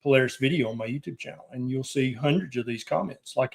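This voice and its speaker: Plain-spoken doctor hosting a live show. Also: male voice, medium pitch, fast, gravelly, few pauses. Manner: plain-spoken, direct, reassuring advice. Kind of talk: casual live-stream chat, reading viewer questions aloud.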